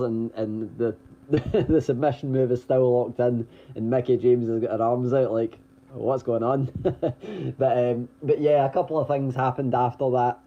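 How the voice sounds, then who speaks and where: Guy rattling off wrestling news on a podcast, mid-pitched, lots of ums, kinda muffled lo-fi sound. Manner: chatty with frequent ums and restarts, occasional chuckles. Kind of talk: casual news rundown. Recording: dull lo-fi audio.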